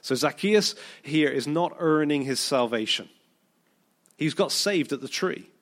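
A man's voice: on the high side, animated, a little slow. A British man preaching a sermon, telling the story with energy, acting out the people he quotes and now and then tripping over repeated words.

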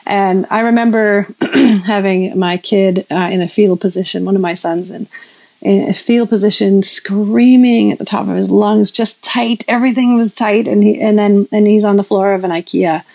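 A woman's voice: mid-range voice, steady tone, normal speed, creaky, darkish tone, rough recording. A woman in her fifties preaching in a casual storytelling way, rambling with many restarts and self-corrections. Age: 50s. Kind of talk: sermon-style storytelling.

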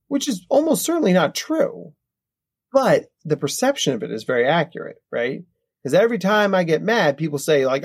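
A man in his thirties talks through ideas as an expert guest, casual and lively. His voice sits a little high for a man. He keeps checking in with "right?" and slips into quick playful voices. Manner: animated, acts out kids' voices, frequent "right?". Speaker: psychologist guest. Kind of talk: conversational expert explanation.

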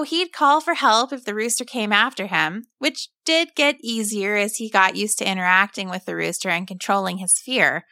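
A woman calmly and expressively narrating a children's story as a storyteller. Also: mid-range voice, vocal fry, no echo, clean studio sound. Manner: calm, expressive read-aloud.

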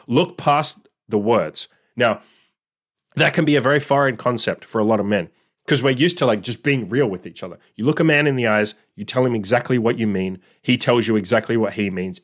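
A man's voice: lowish voice, fairly bright tone. Blunt, swearing male dating coach. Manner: blunt, casual, swears freely, acts out quoted voices. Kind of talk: solo advice monologue.

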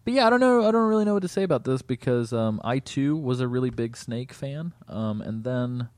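Relaxed male podcast co-host, dry close sound, loose and chatty. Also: medium pitch, fairly quick, no room sound. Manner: laid-back, many fillers, laughs easily. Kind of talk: casual podcast chat.

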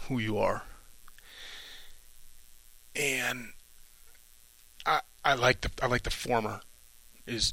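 A middle-aged man, a retired Navy officer, talking through a reflective solo monologue in short, halting, thoughtful phrases. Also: mid-range voice, sharp tone, no echo, low-quality recording.

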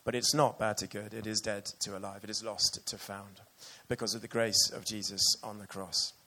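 A man's voice: on the low side, little pitch movement, moderate pace, sharp tone. A man preaching a sermon earnestly and with emotion, reading passages aloud to his church.

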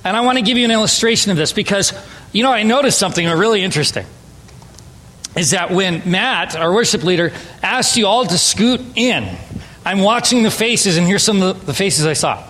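A man's voice: high-pitched, animated, brisk, bright, forceful tone, in a large hall, slight background noise, rough recording. A man from Southern California preaching a sermon to his church, talking conversationally and joking with the congregation. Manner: conversational, playful with audience. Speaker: pastor. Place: church sanctuary.

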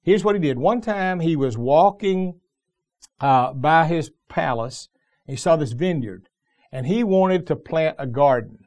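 Higher-voiced middle-aged male pastor preaching. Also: animated, a little slow, a little mellow. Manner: conversational storytelling with frequent restarts. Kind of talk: sermon.

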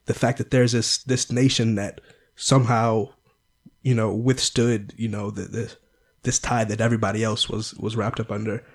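A man's voice: fairly low pitch, little pitch movement, normal speed. A man in a casual movie discussion who talks thoughtfully and often restarts his phrases.

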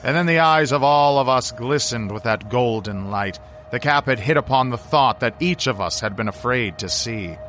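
A man narrating a horror story with dramatic, drawn-out phrasing. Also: mid-range voice, fairly bright tone. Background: faint music.

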